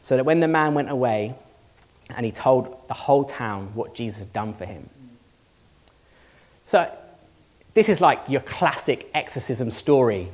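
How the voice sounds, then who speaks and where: Before a congregation in a church hall, a male pastor delivers an earnest, conversational sermon, asking the room rhetorical questions. His mid-range voice is animated and darkish, a little slow, with frequent pauses.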